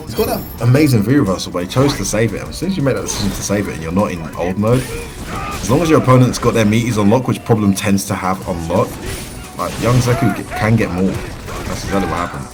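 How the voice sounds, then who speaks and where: A British man giving excitable, chatty live commentary on a fighting-game match. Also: on the low side, fast, music in the background. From United Kingdom. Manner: excitable, chatty, laughs often. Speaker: esports commentator.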